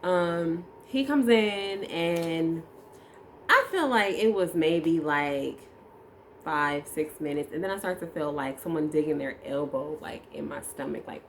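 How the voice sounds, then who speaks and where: A woman's voice: low-pitched, expressive, slow, slight background noise. A woman telling her birth story in a chatty way, co-hosting a casual chat with her partner. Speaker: co-host, new mother.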